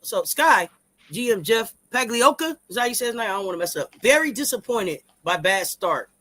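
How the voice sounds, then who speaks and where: A man co-hosting a live-stream sports talk show, hyped and repetitive, shouting out the chat and stumbling through restarts. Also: high-pitched, animated, fairly quick.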